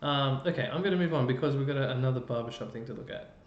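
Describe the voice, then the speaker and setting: A man's voice: medium pitch, very fast. Male music teacher, explanatory, thinks aloud, roomy dull lo-fi recording. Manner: explanatory, thinking aloud while working a computer. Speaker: chorus music educator. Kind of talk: online music lesson. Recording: roomy, dull lo-fi sound with faint noise.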